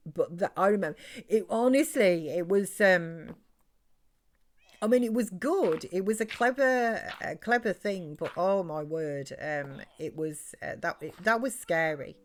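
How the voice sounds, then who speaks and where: Streaming a game live, a middle-aged woman with a British accent chats casually, meandering through plenty of fillers and false starts. Her voice sits on the low side, animated but at a measured pace.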